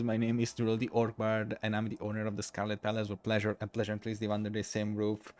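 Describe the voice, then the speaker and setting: A man streaming a game live, chatting in a rambling, giggly, apologetic way, tired and low on energy. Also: completely flat delivery, fast, hardly any pauses, darkish tone. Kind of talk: casual live-stream chat.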